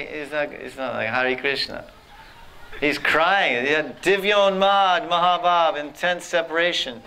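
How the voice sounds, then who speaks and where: A man telling devotional stories in a sermon, animated, acting out characters and laughing often. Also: a little high, normal speed. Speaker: spiritual teacher. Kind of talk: storytelling sermon.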